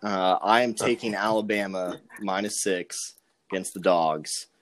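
A man's voice: deep voice, a little slow. A young man giving sports betting picks on a podcast, joking and rambling with many ums and uhs. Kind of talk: casual sports betting chat.

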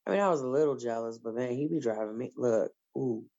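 Woman, low voice, blunt and profane, casual storytelling, slightly muffled recording. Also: fast talker, dark tone. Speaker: storyteller in group chat. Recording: slightly dull lo-fi sound.

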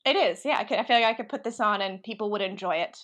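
A young woman co-hosting a podcast, chatting casually and laughing often between quick asides. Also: mid-range voice. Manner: giggly, animated, talks in quick asides. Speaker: podcast co-host. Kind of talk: casual chat.

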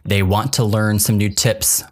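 A man's voice: lowish voice, level tone, a little slow. A young man co-hosting a podcast in casual chat, laughing often and rambling with restarts. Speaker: podcast co-host.

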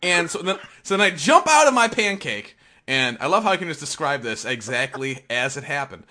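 A man co-hosting a casual podcast, piling up profane, rambling anecdotes full of restarts and quick laughs. His voice sits a little high and rings bright and forceful. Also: big pitch swings. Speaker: podcast co-host. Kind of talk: casual gaming chat.

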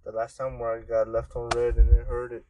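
A young man in relaxed, profane chat with a friend, laughing often. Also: mid-range voice, fairly quick, noisy background. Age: young adult. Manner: laid-back, profane, laughing. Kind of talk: casual chat.

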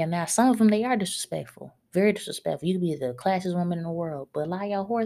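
Woman, podcast host, blunt scolding rant, lowish voice. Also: rapid-fire, few pauses, mellow.

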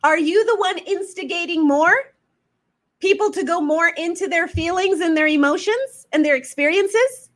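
Speaking at a moderate pace in a very high-pitched voice, this woman is a faith-based business coach. She preaches her motivational message emphatically and fills it with fiery rhetorical questions.

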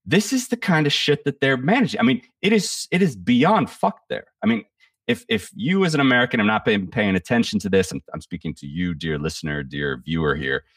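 A man's voice: fairly low pitch, lively intonation, brisk, fairly bright tone, breathy edge, no echo, studio quality, recorded from a distance. A man giving casual political commentary on a podcast, blunt and profane, rambling with frequent restarts.

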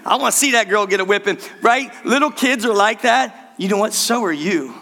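An older man preaching a sermon to his church in a playful, conversational way with quick asides. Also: sits high, sharp tone, big-room sound. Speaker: pastor. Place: church sanctuary.

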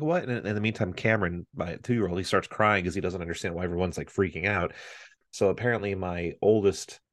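A man in his thirties with a deep, low voice tells a family story as a podcast co-host. He is animated and slips into his relatives' voices as he goes. The sound is dry and close, with no room echo. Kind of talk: casual chat.

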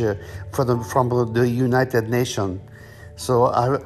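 A man's voice: medium pitch, a little mellow. A man voicing a hesitant Frenchman with a thick French accent, who stutters and drawls.

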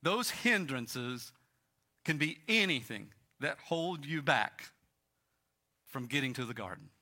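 Bright-voiced preacher man. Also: mid-range voice, expressive, takes it slowly. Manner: storytelling, emphatic repetition. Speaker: pastor. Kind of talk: sermon.

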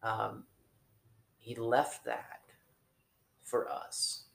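A man giving an informal, conversational sermon, talking in a halting way with restarts and fillers. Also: fairly low pitch, monotone, creaky, fairly bright tone, roomy sound. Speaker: preacher.

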